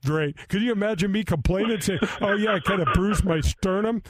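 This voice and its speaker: A man's voice: high voice, fairly quick, a crowd in the background. A man in his sixties hosting a golf radio show, telling self-mocking stories in a rambling, chatty way. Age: 60s. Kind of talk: casual radio chat.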